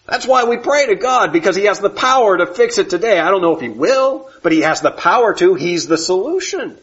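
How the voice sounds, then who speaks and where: A man's voice: on the high side, lively intonation. Dynamic male preacher, muffled sound. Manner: dynamic, swings from loud emphatic to soft and slow. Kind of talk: sermon.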